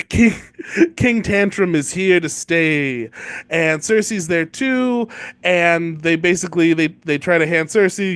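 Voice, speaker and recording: A man co-hosting a podcast, giving a casual comedic recap of book chapters, swearing and mocking the characters with quick impressions. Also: sits high, clean tone, no echo, studio quality. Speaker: podcast co-host.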